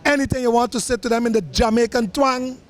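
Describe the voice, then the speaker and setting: High-voiced man, jokey and excitable, hyping an event. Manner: jokey, excitable, quick laughs. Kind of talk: excited promo chat.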